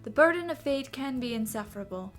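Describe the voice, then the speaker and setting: Lady doing sweet old granny type, gentle and comforting, bit higher voice. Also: lively intonation, a little fast, soft background music. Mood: consoling. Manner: gentle, consoling, calls people dear. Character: kindly old woman, motherly and wise.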